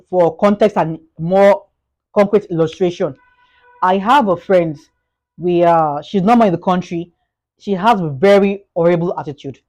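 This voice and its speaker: Fast-talking Nigerian woman vlogger. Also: on the low side, highs cut off. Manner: fast-talking, animated, repeats words and restarts. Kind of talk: motivational talk to camera.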